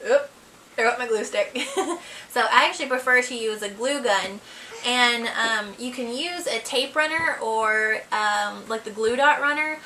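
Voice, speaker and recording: Bright, chatty young-sounding woman crafter. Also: a little high, slight background noise, rough recording. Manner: chatty, many ums and likes, giggles at herself. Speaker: crafter demonstrating a paper box project. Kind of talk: casual craft tutorial.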